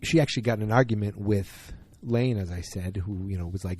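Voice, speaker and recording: A man with a husky, mellow voice talks through a solo podcast recap, rambling and opinionated, stopping and restarting often. Faint music sits underneath. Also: lowish voice, a little fast. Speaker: podcast host.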